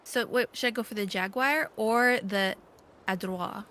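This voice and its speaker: A woman chatting quietly and hesitantly while learning a game, with playful asides. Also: medium pitch, measured pace. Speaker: new player. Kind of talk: casual gaming stream chat.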